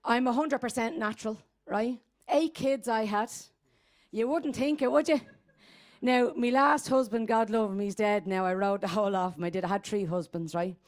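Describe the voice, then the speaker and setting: A woman's voice: on the high side, normal speed, natural voice. A woman playing a brash, crude elderly woman from inner-city Dublin with a thick Dublin accent, rambling and streetwise in a comic monologue. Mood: bawdy. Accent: Dublin Irish. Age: 80s. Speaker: comedy character guest. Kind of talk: stand-up character monologue.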